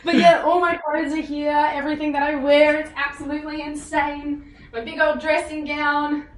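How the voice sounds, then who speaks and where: A young woman, a musical theatre actress, telling stories with bubbly excitement and frequent laughs over a video call. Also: high-pitched, moderate pace. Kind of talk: casual interview chat.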